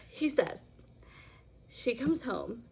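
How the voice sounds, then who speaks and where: A woman's voice: a little high, sing-song, drawn-out words, gravelly, breathy edge. Chatty woman retelling a story. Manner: chatty, lots of fillers. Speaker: vlogger. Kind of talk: casual storytelling vlog.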